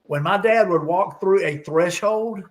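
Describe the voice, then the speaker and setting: Man, higher voice, laid-back, storytelling, live group chat. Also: a little slow. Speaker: live show host.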